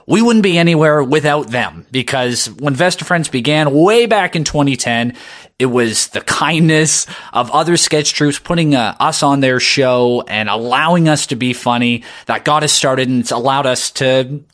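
A man's voice: medium pitch, moderate pace, a bit bright. A man hosting a podcast, giving an upbeat, earnest opening introduction. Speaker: podcast host.

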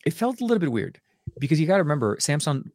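A man's voice: on the high side, racing, dry recording, studio quality. A man hosting a casual tech podcast, rambling and correcting himself as he talks through his gadgets. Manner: rambling, self-correcting, excited asides. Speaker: podcast host.

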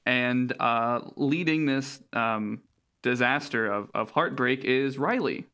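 A man's voice: medium pitch, slow pace, pushed and bright, clear, resonant tone. A man hosting a tabletop role-playing podcast, introducing players and often breaking into laughter. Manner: laughing, self-interrupting. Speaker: host. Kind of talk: actual-play podcast chat.

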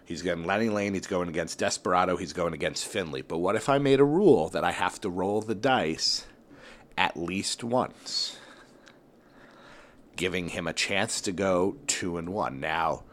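Man thinking aloud, low voice. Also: moderate pace. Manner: rambling, thinks aloud with many fillers and restarts. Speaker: wrestling tournament host. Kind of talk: casual solo commentary.

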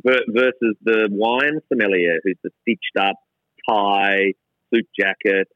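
A man's voice: fairly low pitch, steady tone, takes it slowly, narrow, tinny audio. A middle-aged Australian man talking casually and irreverently as an interview guest, mocking himself and restarting often. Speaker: gin company co-founder, guest. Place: gin distillery lab.

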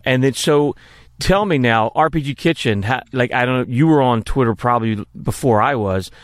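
A man's voice: medium pitch, moderate pace, no echo. Rambling, dry-sounding male podcast host. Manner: rambling, self-mocking questions. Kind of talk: casual live-stream chat.

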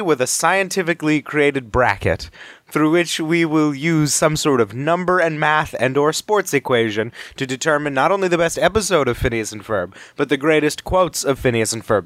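A young adult man hosting a podcast in a casual chat, rambling and jokey, with quick tangents. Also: fairly high pitch, fairly bright tone, no echo. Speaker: podcast host.

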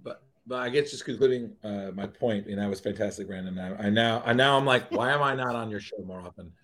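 A man's voice: fairly low pitch, fast talker, a bit bright. Rambling man chatting on a podcast. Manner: rambling, emotional, restarts often. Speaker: podcast co-host. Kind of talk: casual chat.

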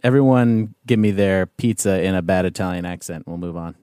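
A man's voice: deep voice, brisk, mellow, no room sound, studio quality. A man hosting a casual chat, leading the talk in a chatty, playful way. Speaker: podcast host.

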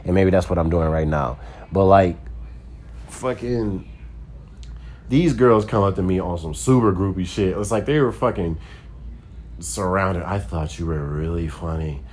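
Comedian guy, real low voice, rambling and cursing, lots of "like". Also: unhurried, pauses often, a little mellow, a little hiss or hum. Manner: loose, rambling and profane, heavy on "like". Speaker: stand-up comedian. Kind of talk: casual storytelling.

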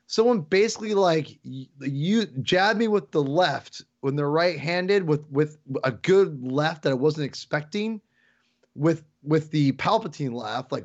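Excitable rambling man, dull dry sound. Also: fairly high pitch, measured pace, dry recording. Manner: excitable, rambling with many restarts. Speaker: podcast guest. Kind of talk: casual chat.

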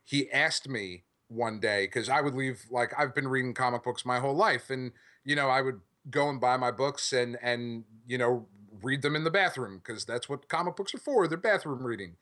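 A man's voice: medium pitch, normal speed, few pauses, sharp tone. A male podcast host in casual chat, rambling enthusiastically and swearing freely. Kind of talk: casual chat about comics.

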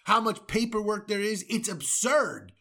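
A man from the United States hosts his podcast in a furious, swearing rant. His voice sits high and sounds bright and forceful. He breaks off into mocking asides. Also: lively intonation, unhurried, vocal fry. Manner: heated, profane, sarcastic asides. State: angry. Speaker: podcast host. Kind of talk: angry political rant.

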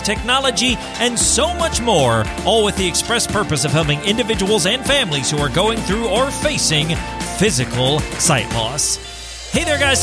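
A man hosting his own podcast, talking in an upbeat, encouraging, conversational way. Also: fairly high pitch. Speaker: podcast host. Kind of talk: casual solo podcast talk.

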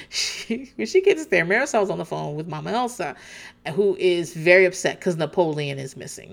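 A woman recapping a TV show in casual chat, candid and animated, often restarting her sentences and laughing. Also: sits low, creaky.

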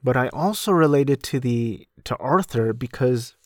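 A man's voice: mid-range voice, expressive, a little slow, no room sound, clean studio sound. A man hosting a podcast, casually recapping a film in a rambling, self-deprecating way, with frequent restarts. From United States. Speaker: podcast host.

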